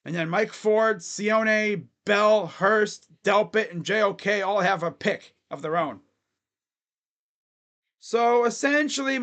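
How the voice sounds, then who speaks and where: A man's voice: high-pitched, sharp tone. A man hosting a casual sports fan livestream, rambling loosely and talking to his chat.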